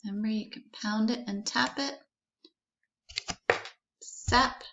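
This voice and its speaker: A woman teaching a phonics lesson to young children, slowly sounding out words letter by letter and encouraging them to repeat. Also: mid-range voice, fairly even intonation, lo-fi sound, a little hiss or hum.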